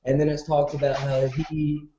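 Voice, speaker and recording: A man's voice: on the high side, flat delivery, normal speed, reverberant, muffled recording, noisy background. A man chatting casually in a rambling, hedging way that trails off. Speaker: panel guest. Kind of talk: casual group chat.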